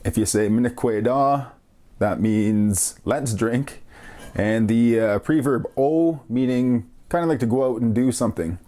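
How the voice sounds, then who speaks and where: Male radio host, warm mellow tone, casual teacher, repeats phrases patiently, informal and self-deprecating. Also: medium pitch. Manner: explains slowly, repeats phrases carefully, light laughs. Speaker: language lesson host. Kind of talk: casual radio language lesson.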